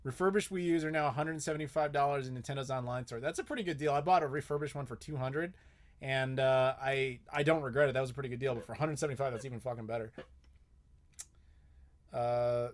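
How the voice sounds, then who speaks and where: A man's voice: mid-range voice, fast. A young man hosting a live Q&A, chatting casually and bluntly, swearing often and joking with viewers. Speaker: host.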